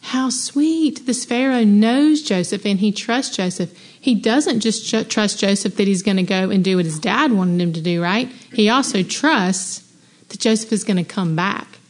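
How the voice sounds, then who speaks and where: A woman's voice: medium pitch, normal speed. Enthusiastic woman teaching a Bible study. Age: adult mother. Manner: enthusiastic, conversational, exclaims and asks rhetorical questions.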